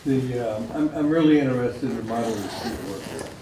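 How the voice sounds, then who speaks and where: A man's voice: mid-range voice, a little fast. A man in the audience asking a question hesitantly, with ums and restarts, heard from far off in a room. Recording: distant voice in a noisy, echoey room.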